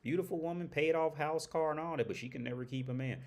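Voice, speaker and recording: A man's voice: on the high side, fast, a little mellow. A man hosting a livestream, talking bluntly and profanely in a rambling, casual way, often restarting sentences. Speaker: livestream host.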